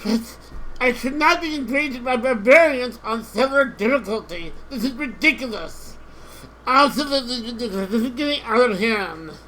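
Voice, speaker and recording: Exasperated high-voiced woman gaming. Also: animated, normal speed, slight background noise, rough recording. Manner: exasperated, repeats herself, shouts at units. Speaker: gamer. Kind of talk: live strategy game commentary.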